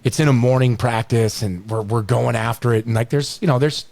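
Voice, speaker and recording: A man's voice: mid-range voice, a little fast, vocal fry, darkish tone, no echo. A middle-aged man hosting a podcast, telling stories in a rambling way, full of restarts and "you know.". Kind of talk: storytelling in casual chat.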